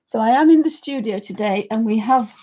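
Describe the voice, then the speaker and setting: A woman in her fifties, hosting an art livestream from her home studio, chatting in a rambling, friendly way with a croaky voice. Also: a little high, brisk, mellow, lo-fi sound. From United Kingdom. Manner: chatty, rambling, talks fondly to her dog. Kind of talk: casual chat to viewers and pets.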